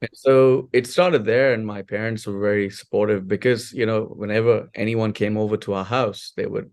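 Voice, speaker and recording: Guest voice: man in his forties from India, low and gravelly, chatty storyteller with plenty of fillers. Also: normal speed. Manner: animated storyteller, many fillers and restarts. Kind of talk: casual interview storytelling.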